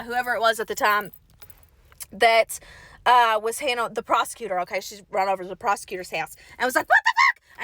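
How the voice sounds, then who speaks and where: Bright, animated woman telling a ghost story. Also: high voice, dry recording. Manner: animated, profane, keeps checking in with 'okay?'. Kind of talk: casual profane storytelling.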